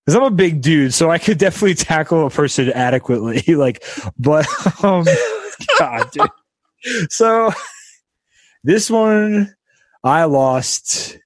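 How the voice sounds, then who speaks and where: Young dude podcast host, rambly casual chat full of "like", dead dry sound. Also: male voice, a little high, big pitch swings, slow pace, long pauses, no echo. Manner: rambling, lots of "like" and restarts. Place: friend's house.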